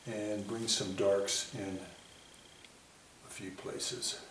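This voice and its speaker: A man giving a painting lesson, talking himself through each stroke in an unhurried, self-commenting way. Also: lowish voice, flat delivery. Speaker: painting instructor. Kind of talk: painting demonstration. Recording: echoey room, mic at a distance, faint hiss.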